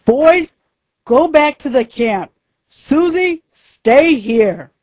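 A woman's voice: a little high, sing-song, drawn-out words, dry recording, full character voice. A woman reader voicing a protective father who gives urgent, commanding calls. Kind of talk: storybook reading.

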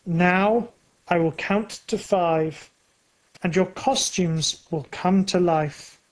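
A storyteller voicing a wicked female witch who gives slow, threatening commands in a storybook reading. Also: medium pitch, natural voice, rough recording. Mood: menacing.

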